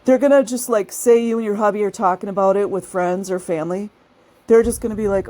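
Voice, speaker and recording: A woman talks casually straight to her viewers, chatty and easygoing. She breaks into laughter often and acts out the people she describes. Her voice sits at an ordinary middle pitch. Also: quick pace, mellow. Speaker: channel host.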